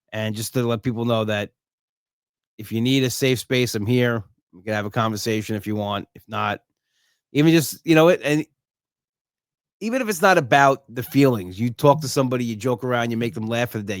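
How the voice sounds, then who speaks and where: A man's voice: medium pitch, no room sound. Man, middle-aged, podcast host, earnest heartfelt chat, dry close sound. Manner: earnest, heartfelt, frequent restarts and "you know". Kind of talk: solo podcast monologue.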